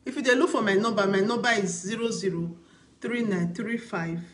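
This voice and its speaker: Mid-range and brisk, this woman vlogger speaks with a Nigerian Pidgin accent as she comments casually on a video, hammering points home by repeating herself and asking rhetorical questions.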